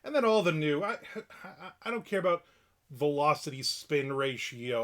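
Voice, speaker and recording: A man's voice: a little high, very animated, moderate pace, fairly bright tone. A middle-aged man hosting a livestream, giving a casual rant in a blunt, profane and opinionated way. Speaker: livestream host.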